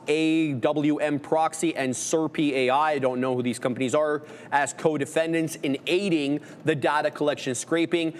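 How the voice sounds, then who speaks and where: A man hosting a live trading show, reading market news briskly with sarcastic asides, in a reverberant studio. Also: on the high side. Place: studio under construction.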